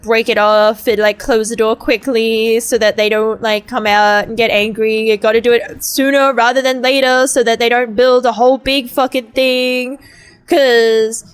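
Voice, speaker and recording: A woman's voice: a little high, clear, resonant tone. Sweary rambling streamer woman. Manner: rambling, sweary ranting with lots of fillers. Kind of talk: casual gaming stream chat. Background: faint game music.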